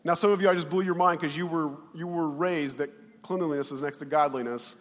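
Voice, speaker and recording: A man pastor preaching a sermon in an animated way, with loud bursts and quiet asides, acting out the quoted voices. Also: a little high, a little fast, big-room sound.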